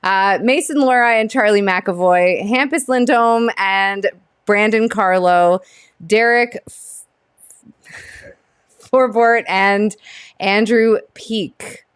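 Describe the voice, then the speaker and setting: A woman's voice: mid-range voice, takes it slowly, long pauses, clear, resonant tone, no room sound, studio quality. A woman co-hosting a live hockey stream, reading lineups in casual chat, giggly and stumbling over names.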